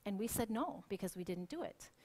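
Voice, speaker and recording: A woman worship leader preaching a sermon in a church, telling stories with lively acted quotes. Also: mid-range voice, brisk.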